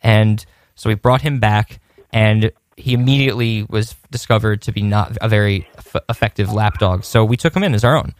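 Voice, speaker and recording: A man's voice: lowish voice, moderate pace, no room sound. A man telling a rambling personal story in a casual podcast chat, with many restarts and laughs.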